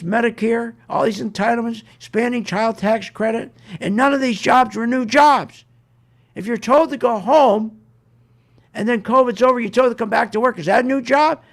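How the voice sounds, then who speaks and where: A man's voice: extremely high pitch, creaky. A man hosting a talk radio show, ranting indignantly about politics with mocking, sarcastic asides.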